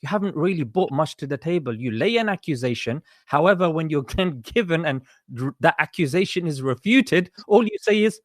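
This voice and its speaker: High-voiced man debating hard. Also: animated, fairly quick, hardly any pauses, no room sound, clean studio sound. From Britain. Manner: combative, rattles off statistics, says "mate". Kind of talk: heated live audio debate.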